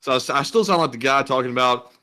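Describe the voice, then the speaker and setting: A man's voice: medium pitch, fast, pushed and bright. A man co-hosting a livestream, chatting casually and joking along. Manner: laid-back, joking. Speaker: stream co-host.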